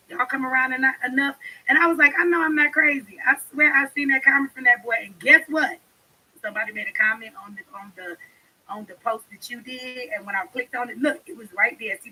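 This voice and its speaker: A woman's voice: on the high side, pushed and bright, slightly rough, poor audio. A young woman vlogger, chatting bluntly to her followers, laughing and swearing often. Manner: blunt, laughing, swears a lot, talks straight to viewers. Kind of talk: casual chat to camera.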